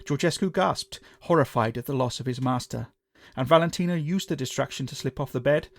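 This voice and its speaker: A man narrating a scripted horror story in a measured, dramatic way. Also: mid-range voice, vocal fry.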